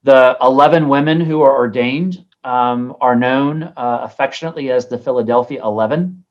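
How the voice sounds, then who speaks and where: A man's voice: mid-range voice, normal speed. Bishop guy teaching a class online, chatty with lots of ums, a bit lo-fi. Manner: conversational, many ums and restarts. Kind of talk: informal lecture with anecdotes.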